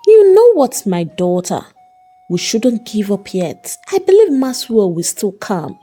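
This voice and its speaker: A woman voicing the groom's mother, gentle and coaxing. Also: mid-range voice, sing-song, unhurried, slightly rough, faint music behind. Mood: hopeful.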